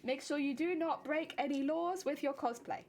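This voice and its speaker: A woman's voice: high-pitched, moderate pace, darkish tone, soft background music. Bubbly woman streamer. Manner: chatty, bubbly, laughs often. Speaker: cosplay crafting streamer. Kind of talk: casual live-stream chat with viewers.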